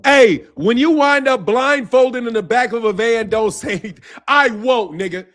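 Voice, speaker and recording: A man's voice: very high voice, moderate pace, fairly bright tone. A man hosting a boxing channel, delivering a heated, profane, mocking rant, laughing between lines and repeating himself.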